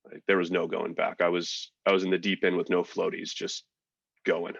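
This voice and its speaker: A man, a military veteran and podcast guest, telling his story in a relaxed, frank way with fillers and swearing. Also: sits low, moderate pace, vocal fry, husky, no echo, muffled recording. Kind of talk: casual storytelling.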